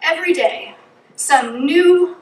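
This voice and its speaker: A woman's voice: very high-pitched, takes it slowly, roomy sound, recorded from a distance, rough recording. A middle-aged woman from New England gives an earnest personal reflection from a church pulpit, telling a story and reeling off long lists. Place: church hall.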